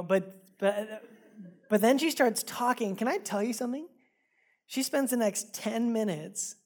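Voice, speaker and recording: A male pastor giving a sermon to a live congregation in a church. He tells personal stories in a casual, conversational way with self-deprecating humor, often repeating words as he goes. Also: high-pitched. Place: church service before a congregation.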